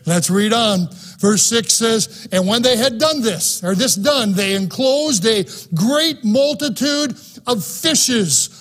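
A man preaching a sermon in an auditorium, fervent and emphatic, swinging between soft and loud passages. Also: very high-pitched, expressive, slow. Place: auditorium, live-streamed.

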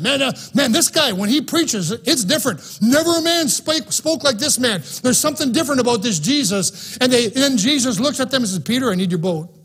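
A man preaching a sermon in an auditorium, fervent and emphatic, swinging between soft and loud passages. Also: very high voice, husky. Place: auditorium, live-streamed.

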